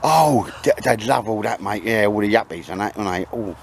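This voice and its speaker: A man's voice: fairly low pitch, animated, fairly quick, gravelly, a little hiss or hum. A man hosting a vlog, chatting and joking casually outdoors in the woods, calling everyone mate. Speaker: vlog host. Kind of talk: casual banter. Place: outdoors in cold wet woods.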